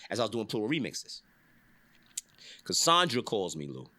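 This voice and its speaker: A middle-aged man telling a casual industry story, swearing, laughing often and acting out the people he quotes. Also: normal speed. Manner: animated, swearing, acts out quotes with big pitch jumps, laughs often. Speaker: podcast host telling industry stories.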